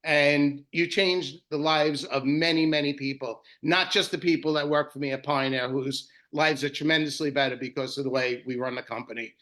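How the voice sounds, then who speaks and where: A man, a guest shop owner on a video call, telling stories in a lively, emotional way with some swearing. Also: a little high, normal speed, hardly any pauses. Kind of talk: casual storytelling.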